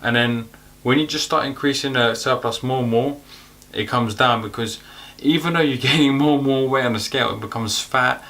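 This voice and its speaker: A young man giving casual fitness advice to the camera in an energetic, chatty way, a little out of breath. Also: medium pitch, moderate pace. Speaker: fitness youtuber.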